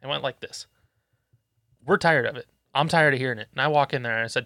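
A blunt man talks casually on a podcast, cursing freely and acting out stern warnings to his kid. His voice sits at a middling pitch. The recording is close and dry, with no room sound. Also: fairly even intonation, brisk, bright, forceful tone, no room sound. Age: adult parent. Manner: blunt, swears a lot, acts out scolding his son. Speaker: podcast co-host. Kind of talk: casual profane chat.

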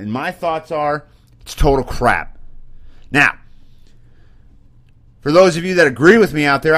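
A man's voice: medium pitch, fairly bright tone. A man, an Army sergeant, hosting an opinion podcast and ranting bluntly and mockingly, getting worked up, recorded on a computer microphone. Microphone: webcam and computer mic.

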